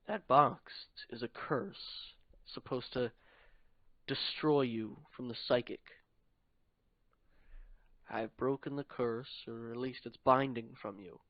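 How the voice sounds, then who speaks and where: A man voicing a calm, kindly male wizard who speaks in an unhurried, reassuring way. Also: mid-range voice, no echo. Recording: dull dry lo-fi recording.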